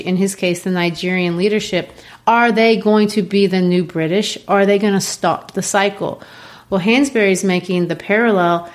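A woman, a literature teacher, explaining a play in an animated way. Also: mid-range voice. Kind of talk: discussing a play.

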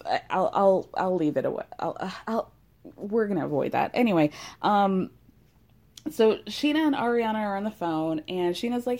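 Young woman dishing reality tv gossip, mellow low-key tone, swears a lot, laughs a bunch. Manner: gossipy, animated, swears freely, laughs often. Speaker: podcast host recapping reality TV. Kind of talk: casual chat.

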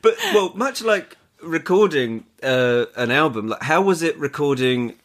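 A man's voice: a little high, lively intonation, a little slow, fairly bright tone. A man co-hosting a podcast, asking long, loosely strung questions full of fillers. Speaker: podcast co-host and musician. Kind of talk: casual podcast chat.

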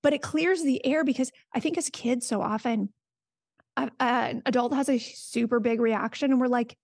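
A woman guest on a podcast talks frankly and casually, cursing often and slipping into quick acted-out quotes. Her voice sits fairly high, and the sound is close and dry. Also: darkish tone, dry recording. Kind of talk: candid casual chat.

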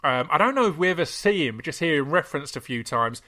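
An enthusiastic man co-hosting a casual chat. His voice sits a little high and sounds bright and forward. He talks eagerly and drops in quick asides. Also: expressive. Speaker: podcast co-host.

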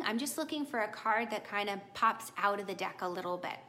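A woman's voice: mid-range voice, fairly quick, few pauses, slight background noise. A middle-aged woman giving a casual live tarot reading to viewers, chatty and encouraging. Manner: warm, chatty, encouraging, animated with laughs. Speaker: tarot reader.

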